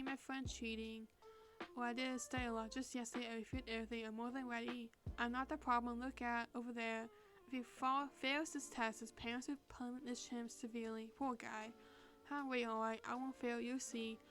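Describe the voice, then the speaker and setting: A woman streamer casually reading online quiz questions aloud and reacting with laughs and swearing. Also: on the high side. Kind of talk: casual reading and commentary while taking online quizzes.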